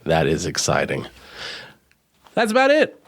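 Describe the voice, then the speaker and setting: A man's voice: a bass voice, wildly swooping pitch, a little slow. A man co-hosting a comedy podcast, rambling and trailing off in casual chat. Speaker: podcast co-host.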